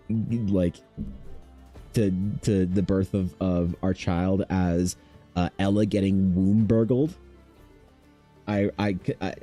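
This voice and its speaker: A man in his thirties chatting casually while streaming his art, laid-back, swearing freely and mimicking people in a higher voice. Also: mellow. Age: 30s. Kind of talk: casual chat with chat.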